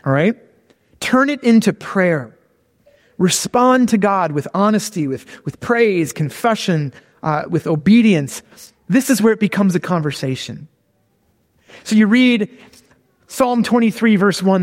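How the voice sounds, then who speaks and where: Guy preaching, chatty, keeps saying okay? and all right?, fairly high voice, long echo like a big hall. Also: animated, measured pace, pauses often. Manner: conversational, repeats "okay?" and "all right?" to check in. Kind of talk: sermon.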